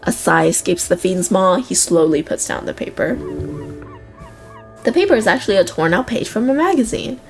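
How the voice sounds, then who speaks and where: A woman's voice: medium pitch, expressive, normal speed, faint music behind. A young woman streaming a role-playing game, reading its text aloud with amused reactions.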